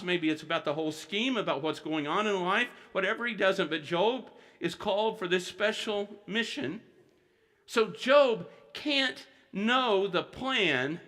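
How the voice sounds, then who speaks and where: A high, bright-toned man preaches to his congregation. He leans into rhetorical questions and slows down to read scripture with earnest emphasis. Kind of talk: sermon. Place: church sanctuary.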